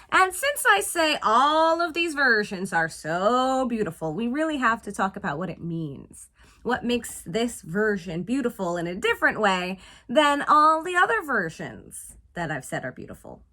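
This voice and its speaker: Lively, bright-voiced woman host. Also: a little high. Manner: playful, animated, chatty. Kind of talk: casual film review.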